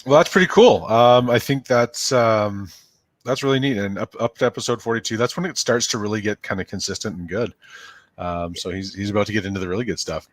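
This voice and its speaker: A man's voice: lowish voice, brisk, dry recording. Canadian man co-hosting a podcast. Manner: chatty, laughs easily, restarts phrases. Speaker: podcast co-host. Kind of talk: casual podcast chat.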